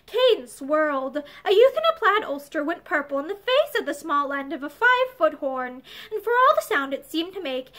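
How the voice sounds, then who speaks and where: A woman reads an old-fashioned novel aloud, her high voice rising and falling with animated storytelling. She keeps a steady narrator's flow through each passage. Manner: expressive, lively storytelling. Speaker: reader.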